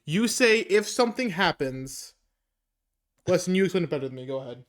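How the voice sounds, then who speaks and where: A man's voice: high-pitched, lively intonation, brisk, a bit bright. A man narrating as game master, describing scenes loosely with many fillers.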